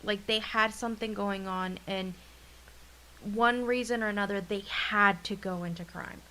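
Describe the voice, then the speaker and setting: A woman co-hosting a casual podcast chat, speaking slowly and haltingly while she searches for words. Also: medium pitch, fairly even intonation, bright, forceful tone, poor audio. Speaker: podcast co-host. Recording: faint hiss.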